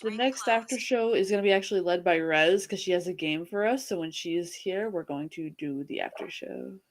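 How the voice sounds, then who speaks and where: A woman's voice: fairly low pitch, brisk. A woman casually chatting and joking while hosting a movie watch-along, greeting viewers by name. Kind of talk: casual chat over a movie.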